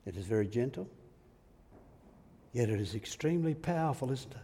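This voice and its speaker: A man's voice: medium pitch, lively intonation, brisk, pauses often, dark tone, breathy edge. A male preacher giving a sermon in a church, reflective in manner and asking the listeners rhetorical tag questions. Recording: echoey hall reverb.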